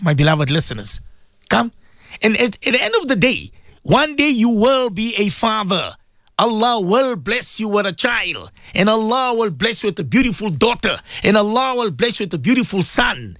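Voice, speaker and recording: A man's voice: sits high, big pitch swings, moderate pace, a bit bright, no echo, clean studio sound. A man preaching on the radio, addressing his listeners directly, emphatic and repetitive. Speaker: religious radio presenter. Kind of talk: impassioned radio sermon.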